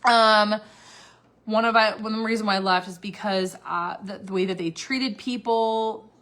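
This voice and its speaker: A woman's voice: mid-range voice, fairly even intonation, unhurried, a bit bright. A young woman talking candidly on a livestream, blunt and filler-heavy, swearing freely. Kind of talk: candid casual livestream rant.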